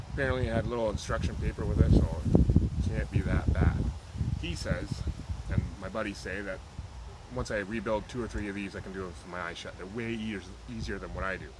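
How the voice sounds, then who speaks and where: A man with a fairly low voice talks through his project in an easygoing, rambling way, dropping dry jokes as he goes. It sounds like a home video shot in a garage, with plenty of background noise under his voice. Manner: rambling, offhand, jokey. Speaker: car hobbyist vlogger. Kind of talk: casual workshop vlog.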